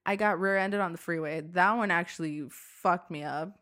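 A woman's voice: on the low side, moderate pace. A young woman co-hosting a casual podcast, telling stories animatedly and swearing a lot. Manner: animated storytelling, swears a lot, acts out quotes. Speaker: podcast co-host. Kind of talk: casual chat. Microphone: desk mic.

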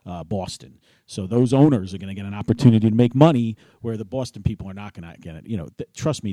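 A middle-aged man co-hosting a podcast, chatting casually about sports in an easygoing way, thinking out loud. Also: low voice, no echo. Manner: easygoing, talks things through with fillers. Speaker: podcast co-host.

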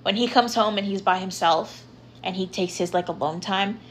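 A woman's voice: medium pitch, moderate pace, a little hiss or hum. A young woman hosting a podcast, talking casually and rambling with lots of filler words. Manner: chatty, rambling, lots of ums and likes. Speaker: podcast host. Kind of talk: casual solo podcast talk.

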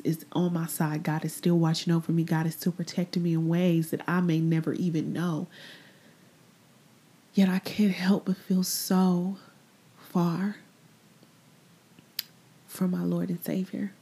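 A woman hosting a personal faith podcast, talking candidly and reflectively, often trailing off into soft, breathy asides. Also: fairly low pitch, flat delivery. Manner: repeats phrases, trails off into pauses. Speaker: podcast host.

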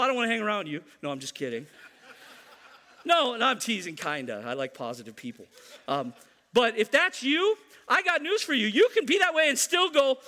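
A man's voice: very high voice, sing-song, fairly quick, bright, forceful tone, in a large hall. A man preaching a sermon to his church, emphatic and repeating key lines, teasing the congregation now and then. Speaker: pastor.

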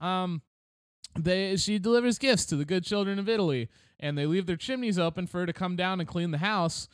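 Comic co-host, male, high and clear voice, bouncy storyteller. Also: a little fast, no echo, clean studio sound. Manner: storytelling with silly put-on quotes, laughs often. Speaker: podcast co-host. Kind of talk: casual comedic chat.

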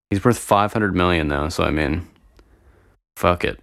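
Low-voiced man rambling profanely. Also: slow, vocal fry, pauses often, a bit bright, no echo, clean studio sound. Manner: rambling, profane, easily sidetracked. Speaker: vlogger. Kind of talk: casual solo chat to viewers.

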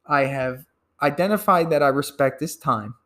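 A man giving a sales training talk, emphatic and quick to act out phone calls, often repeating words as he goes. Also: a little high. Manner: repeats words when excited. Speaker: sales coach.

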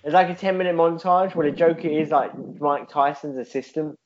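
A man's voice: fairly high pitch, fairly even intonation, fairly quick, muffled recording, slight background noise. A man co-hosting a podcast in casual chat, rambling through a silly story with laughs and swearing. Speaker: podcast co-host.

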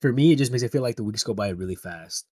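A young man in relaxed, slangy casual chat. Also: lowish voice, fast talker, husky, no room sound, clean studio sound. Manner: laid-back, slangy.

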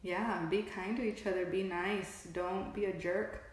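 A woman's voice: mid-range voice, steady tone, measured pace. Chatty young woman in an echoey room. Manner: chatty, laughs often, lots of "like" fillers. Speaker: podcast co-host. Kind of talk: casual chat recapping a TV show.

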